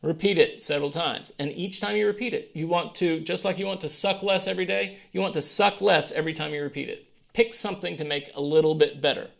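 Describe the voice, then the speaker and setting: A man's voice: a little high, fairly even intonation, quick pace, gravelly. A man teaching a piano lesson, patiently counting beats aloud with a playful manner. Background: piano playing.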